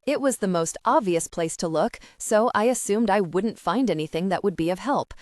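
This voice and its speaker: Expressive woman narrating an audiobook. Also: medium pitch, moderate pace, no room sound, clean studio sound. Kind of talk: scripted first-person audiobook narration.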